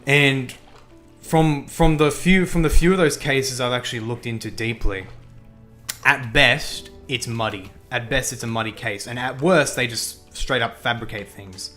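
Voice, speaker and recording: A man's voice: mid-range voice, a little slow, pushed and bright, soft background music. A young man hosting a livestream who chats casually while gaming, thinking aloud, repeating himself and reacting to the game and chat. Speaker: livestream host.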